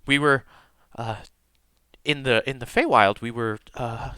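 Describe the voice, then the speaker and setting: A man puts on a grieving priestess whose soft, stammering words keep falling apart. The voice stays bright and forward. The room is dry and close. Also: medium pitch, clean tone, no echo. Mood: tearful, halting. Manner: halting, stammering, soft-spoken. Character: grieving woman priestess, tearful and shaken.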